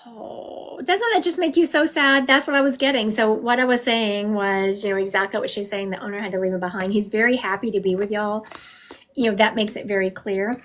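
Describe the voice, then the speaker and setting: Her mid-range voice moves briskly with fairly even intonation as she does psychic readings over a home livestream. Warm and talkative, she addresses the viewers straight on in a casual way.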